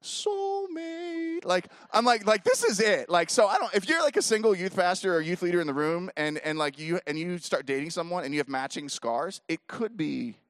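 High bright-voiced animated male storyteller. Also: a little fast, few pauses, no echo, clean studio sound. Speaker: speaker at a youth leader event. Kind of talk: storytelling talk to a live audience.

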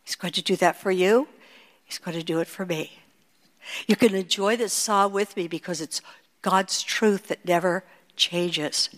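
An older woman teaching a sermon, moving between emphatic high peaks and hushed, quiet asides. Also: measured pace. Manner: expressive preaching, rising to emphatic peaks and dropping to hushed asides. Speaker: Bible teacher. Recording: long hall reverb.

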